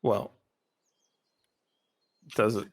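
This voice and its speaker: A man playing a tabletop game, talking things through in a deliberate, thoughtful way. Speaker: player.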